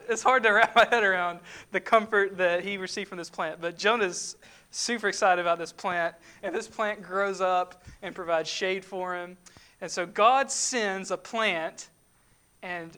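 A woman preaches a sermon in an easy, conversational way. She asks the listeners questions and throws in emphatic asides. Her voice sits at an ordinary pitch for a woman. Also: a bit bright.

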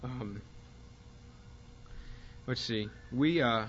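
Man teaching a Bible class, halting. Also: mid-range voice, a bit bright, highs cut off, a little hiss or hum. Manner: halting, with frequent fillers and restarts; reads quoted passages with more force.

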